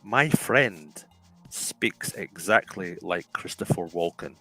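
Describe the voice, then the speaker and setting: A man's voice: low voice, lively intonation, slow, sharp tone, faint music behind, poor audio. A man hosting a casual talk show, rambling with restarts and calling his listeners folks. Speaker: podcast host. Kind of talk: casual chat.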